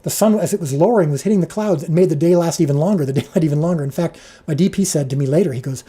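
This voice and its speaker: A man with a slightly high, husky voice tells a lively behind-the-scenes story on a livestream. His tone stays mellow and soft-edged. He stumbles and restarts often, and his pitch jumps when he quotes the crew. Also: racing. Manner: animated anecdote, jumps up in pitch when quoting people; frequent restarts and filler words. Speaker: show creator and director.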